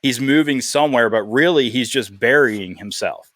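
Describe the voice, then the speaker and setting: A man's voice: medium pitch, normal speed, a bit bright, dry recording, clean studio sound. A man hosting a podcast, talking in a casual, earnest way and telling a heartfelt story. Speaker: podcast host.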